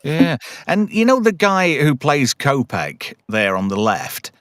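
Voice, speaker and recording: A man's voice: a little high, big pitch swings, slow pace, a bit bright, dry recording, clean studio sound. A man hosting a casual film review chat, animatedly retelling scenes and humming theme tunes. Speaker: podcast host.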